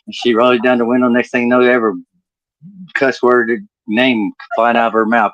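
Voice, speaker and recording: A man's voice: mid-range voice, little pitch movement, fairly quick, no room sound, muffled recording. A man from the with a drawl, telling rambling stand-up stories and laughing at his own jokes. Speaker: stand-up comedian. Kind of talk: storytelling stand-up set. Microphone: home computer mic on video call.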